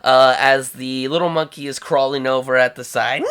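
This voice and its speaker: A man's voice: mid-range voice, very noisy. A man running a tabletop game as game master, narrating in a rambling way with many restarts.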